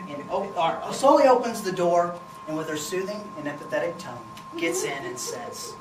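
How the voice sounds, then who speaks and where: A woman's voice: lowish voice, expressive, normal speed. A woman telling a funny story, laughing as she goes. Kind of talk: humorous spoken storytelling. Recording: roomy, distant, noisy.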